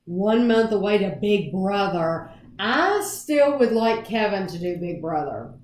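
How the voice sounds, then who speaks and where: A woman's voice: medium pitch, animated, measured pace, darkish tone. A woman hosting a family live stream, chatting over dinner and answering viewer questions. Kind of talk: casual dinner chat. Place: home dining room. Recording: echoey room, faint background noise.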